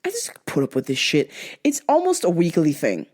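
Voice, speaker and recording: A woman's voice: huge pitch swings, brisk, a little mellow. A woman hosting her own show, telling a story in a blunt, profane, casual rant. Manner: blunt and profane, big swings in pitch. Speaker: show host.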